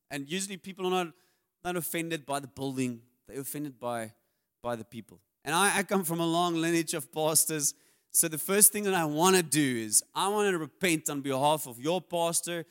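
A man's voice: fairly high pitch, a bit bright. A man, preaching a sermon as a pastor in a candid, confessional way with self-deprecating humor.

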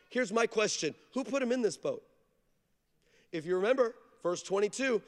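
A man's voice: high-pitched, expressive, brisk. A male pastor preaching an emphatic sermon, telling stories with humor. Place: large church. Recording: long hall reverb.

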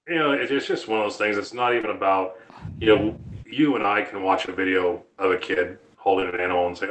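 A man's voice: low-pitched, fairly bright tone, low-quality recording. A man in his thirties, a reptile keeper and show guest, giving long, rambling and blunt explanations in a casual interview.

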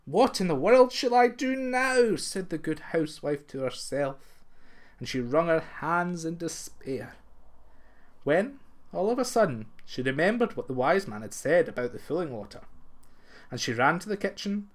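A man narrating a folktale in an expressive, lilting way. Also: on the high side, normal speed. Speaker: storyteller.

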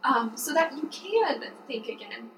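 A woman chatting casually on a podcast, explaining things in a lively, talkative way and laughing often. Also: high-pitched, measured pace, echoey room, recorded from a distance, background noise. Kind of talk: casual conversational chat.

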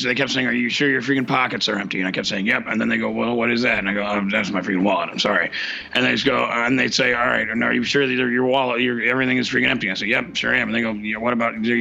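A man acting out a rambling male radio co-host with a deeply gravelly, raspy voice that is bright and edgy. He stammers and restarts constantly, dropping "freaking" into nearly every phrase. It sounds like a dull, lo-fi comedy radio sketch. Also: full character voice. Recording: dull lo-fi recording.

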